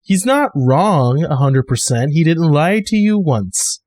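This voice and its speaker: A man's voice: on the high side, animated, a little mellow, no echo. A man voicing a hardened, weary woman survivor who speaks bluntly and grimly. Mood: somber. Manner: blunt, grim and measured.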